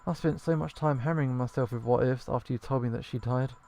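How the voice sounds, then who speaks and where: A man reading the lines of an anxious, bitter bartender woman from a video game, in a halting, hesitant way. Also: mid-range voice, gravelly, mellow, lightly acted. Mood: regretful. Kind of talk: reading game dialogue aloud. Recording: faint game music behind.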